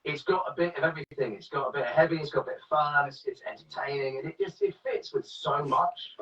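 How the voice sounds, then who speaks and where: A man talks fast and chatty, his voice a touch high. He is caught far from the mic in an echoey room, and the sound is dull and lo-fi. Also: fairly bright tone. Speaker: band member. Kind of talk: casual chat on a livestream.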